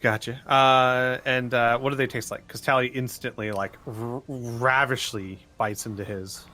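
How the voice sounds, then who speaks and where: A man's voice: mid-range voice, fairly even intonation, unhurried, sharp tone. A young man running a tabletop game as game master, easygoing and strict about the rules. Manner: easygoing, rules-minded, chatty.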